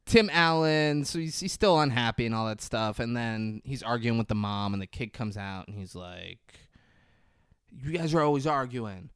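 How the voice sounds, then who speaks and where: Male podcast co-host, mid-pitch, casual and crude storyteller, dry close mic. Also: normal speed, hardly any pauses, a bit bright, smooth, no room sound. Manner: loose, profane storytelling with frequent fillers. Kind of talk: casual movie-recap chat.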